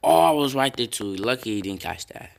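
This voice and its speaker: A young man casually commenting on his own football video game, swearing and breaking into loud yells at big plays. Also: mid-range voice, animated, fairly quick, vocal fry. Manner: reactive, swears often, bursts into loud yells.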